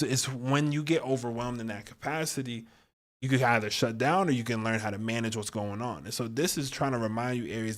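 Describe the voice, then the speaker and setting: A man reads tarot cards for each zodiac sign on a live stream in an easygoing, slangy way. He talks straight to his viewers and laughs often between thoughts. His voice sits at a middling pitch for a man. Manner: chatty and slangy, addresses viewers directly. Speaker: astrologer and tarot reader.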